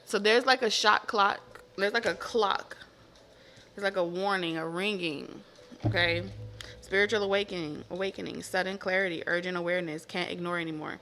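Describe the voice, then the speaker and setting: A woman giving a casual tarot reading to camera, animated and profane, repeating herself with laughing asides. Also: fairly low pitch, moderate pace. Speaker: tarot reader.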